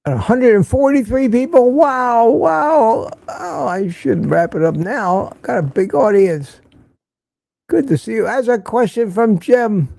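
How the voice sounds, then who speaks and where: Here the older host sounds very high-pitched, gravelly yet mellow, with lively intonation and a measured pace, and there's no room sound. He works through viewer comments on his casual livestream, giving opinionated, blunt remarks and repeating them for emphasis.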